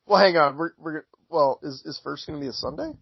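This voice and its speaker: A man co-hosts a casual podcast, making his case earnestly and restarting sentences as he goes. His voice sits fairly high. The audio is dull and dry. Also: fairly quick, vocal fry, breathy edge, dry recording. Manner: earnest, careful arguing with many restarts. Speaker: podcast co-host.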